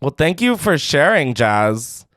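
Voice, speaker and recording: A man's voice: on the high side, very animated, slow pace, a bit bright, no room sound, clean studio sound. A man hosting a call-in podcast, joking and swearing in disbelief, often breaking into laughs. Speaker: podcast host. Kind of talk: casual call-in chat.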